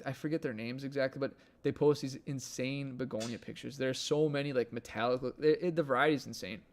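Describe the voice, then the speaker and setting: A Midwestern American man with a medium-pitched voice and some vocal fry hosts a live stream from indoors at home. He rambles in an easygoing, casual way, saying "like" constantly as he chats.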